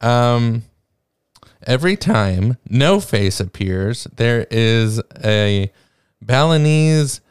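A man on a podcast reading out trivia at an unhurried, drawn-out pace. His voice is smooth and clean, recorded dry and close, and his humor runs wry. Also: medium pitch, lively intonation, dry recording. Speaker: podcast co-host. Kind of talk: casual chat, sharing trivia.

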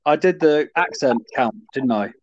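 A man's voice: mid-range voice, lively intonation, normal speed, a little mellow, no echo. A man co-hosting a casual sports chat, blunt and bantering, swearing casually. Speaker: podcast co-host. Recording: dull lo-fi dry recording.

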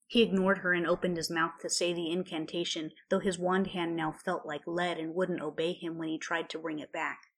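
A woman reading a story aloud in a measured, quiet way. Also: fairly low pitch, level tone. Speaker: narrator. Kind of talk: storybook narration of fan fiction.

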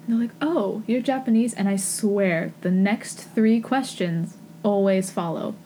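A young woman speaks in a mellow, warm tone as she tells personal stories on a podcast, earnest and quick to laugh. Her voice sits at a middle pitch, and a faint hiss runs behind her. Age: young adult. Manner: earnest storyteller, laughs often. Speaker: podcast co-host. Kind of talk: casual chat.

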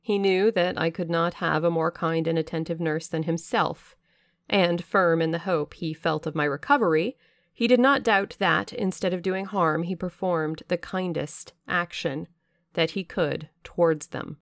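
A woman narrating a classic novel aloud on a close mic, with expressive, dramatic pacing. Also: on the low side, a little slow, no echo. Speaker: audiobook reader.

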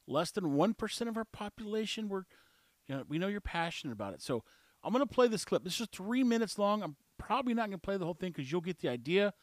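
Blunt, sarcastic high-voiced man. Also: no echo, clean studio sound. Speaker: podcast host. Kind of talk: casual commentary on a played clip.

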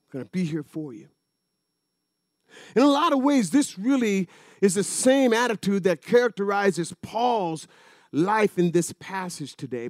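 A middle-aged pastor, preaching a sermon in a chatty storytelling way that builds to emphatic peaks. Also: male voice, sits high, no room sound, clean studio sound.

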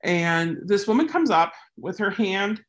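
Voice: expressive, measured pace. A dog trainer giving casual training tips mixed with anecdotes, talking in a chatty way and acting out the people in the stories. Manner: chatty, acts out quoted people with big pitch jumps.

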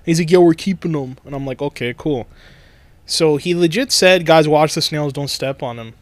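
A man's voice: fairly high pitch, moderate pace, no echo. A young man co-hosting a podcast, telling stories in casual chat and laughing often. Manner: laughing, animated storytelling. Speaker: podcast co-host.

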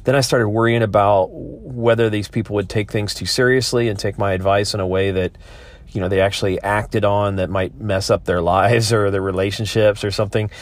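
A man's voice: on the low side, fairly even intonation, brisk, dry recording. A man hosting a podcast, talking in a rambling, thoughtful way with many restarts. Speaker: podcast host. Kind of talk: casual monologue.

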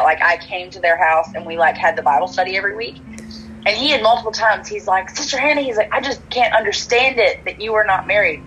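A woman's voice: mid-range voice, highs cut off, slight background noise. A woman with a Texan accent, telling a personal story in casual chat, full of "like" fillers and quoted dialogue. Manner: chatty, many "like" fillers, animated quoted dialogue.

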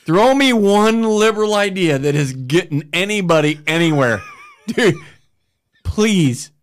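A man's voice: sits high, lively intonation, measured pace. A man co-hosting a casual talk show, teasing and playful in his banter. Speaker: podcast co-host. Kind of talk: casual chat.

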